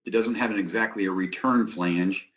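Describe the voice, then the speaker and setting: A man's voice: on the low side, moderate pace, low-quality recording. A man giving a technical building-code presentation and answering questions, with many fillers. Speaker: product representative presenting.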